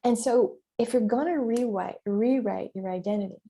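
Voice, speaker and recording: Middle-aged woman, podcast host and mentor, mellow tone, emphatic, mildly profane, casual. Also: fairly high pitch, moderate pace. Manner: emphatic, animated, frequent mild swearing; acts out her inner voice in quoted asides. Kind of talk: casual solo podcast talk.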